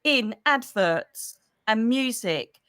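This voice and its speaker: A middle-aged woman with a British accent, a psychic medium hosting a casual livestream for members, chatty and animated with quick asides, speaking into a computer mic. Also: on the high side, smooth, dry recording, clean studio sound. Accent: British English. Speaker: psychic medium and channel host.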